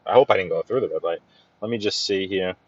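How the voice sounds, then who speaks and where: A man's voice: low voice, quick pace, husky, no echo, dull audio. A man from Brooklyn with a New York accent, chatting casually with livestream viewers while he drives through the city. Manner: chatty, rambling, greets viewers by name. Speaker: livestream driving host. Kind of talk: casual live-stream chat while driving. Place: inside a car in city traffic.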